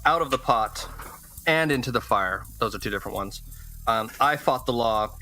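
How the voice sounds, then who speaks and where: A man's voice: mid-range voice, expressive, normal speed, bright, forceful tone, a little hiss or hum, low-quality recording. A man co-hosting a podcast, chatting with enthusiasm about a hot sauce and a comic. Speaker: podcast co-host. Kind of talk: casual chat.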